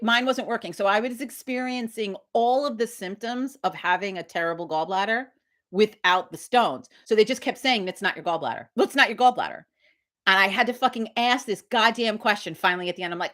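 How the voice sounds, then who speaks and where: A woman's voice: medium pitch, fairly bright tone. A woman hosting a casual live stream, telling a story bluntly and animatedly with a lot of swearing. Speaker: livestream host.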